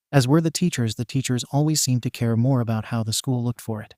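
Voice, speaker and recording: A man narrating a fan fiction story in an even, steady storytelling manner. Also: mid-range voice, no echo, studio quality. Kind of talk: reading fan fiction aloud.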